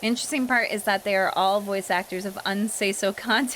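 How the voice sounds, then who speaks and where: A young woman streamer chats casually while she plays, answering chat and slipping into character voices. Her voice sits at a middle pitch. A faint hum of background noise runs under it. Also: steady tone, brisk. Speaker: streamer and voice actor.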